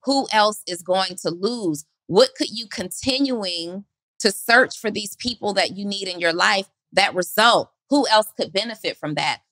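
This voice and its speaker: A woman co-hosting a motivational podcast speaks a little slowly in a medium-pitched, sharp-toned voice, earnestly urging listeners not to quit and repeating her questions for emphasis. There is no echo.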